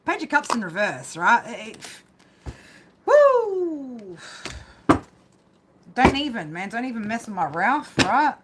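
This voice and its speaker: A woman's voice: a little high, sing-song, moderate pace, hardly any pauses, very noisy. A woman giving a live tarot reading on a stream. She rambles casually and swears, and ends almost every phrase with "right?". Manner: rambling, casual and profane, constant "right?" tags. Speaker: tarot reader.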